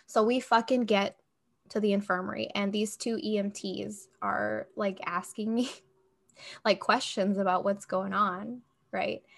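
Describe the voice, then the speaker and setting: A young woman co-hosting a podcast, telling a story in casual chat, animated and profane, acting out quotes. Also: mid-range voice, measured pace, gravelly. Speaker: podcast co-host.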